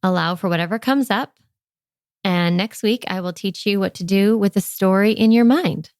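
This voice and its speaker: A woman's voice: medium pitch, moderate pace, a little mellow, clean tone, no echo, clean studio sound. A middle-aged woman hosting a parenting podcast, talking in an earnest, conversational way with frequent "like" fillers. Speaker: parenting coach and podcast host. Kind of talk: casual podcast monologue.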